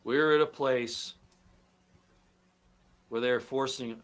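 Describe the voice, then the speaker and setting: A man giving an angry monologue to his viewers, swinging from loud outbursts to low muttering. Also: steady tone, slow. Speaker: online commentator.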